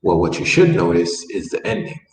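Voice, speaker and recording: In an echoey classroom with a distant mic and faint background noise, a deep-voiced man teaches a Spanish lesson. He's very animated and brisk, yet patiently repeats words and explains things step by step.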